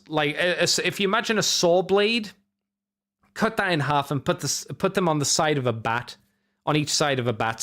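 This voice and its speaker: A man talking casually on his podcast, his voice sitting a little higher than most men's. He rambles as he goes, restarting sentences and correcting himself mid-thought. The tone is relaxed and conversational throughout. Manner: rambling, self-correcting, chatty. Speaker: podcast host reviewing toys. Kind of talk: casual solo review chat.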